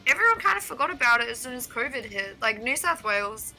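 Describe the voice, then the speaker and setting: A woman in her twenties with an Australian accent co-casts a card game stream, chatting at length about her life, rambling and laughing often. Her high voice moves fast with big pitch swings, vocal fry, and a bright, forceful tone.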